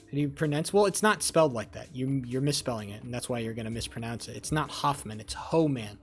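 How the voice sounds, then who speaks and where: A man's voice: mid-range voice, fast, soft background music. Profane young man streaming, rambling. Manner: rambling, profane, jokey, talks to chat. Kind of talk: casual live-stream chat with viewers.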